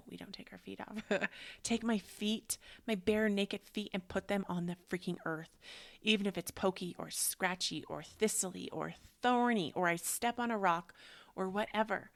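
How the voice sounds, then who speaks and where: A woman with a lowish, gravelly voice talks in a rambling, chatty way, full of "like" and loose asides. She speaks as a yoga teacher sharing spiritual reflections, and often sinks into a soft near-whisper as she guides a meditation. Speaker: yoga teacher hosting a book club.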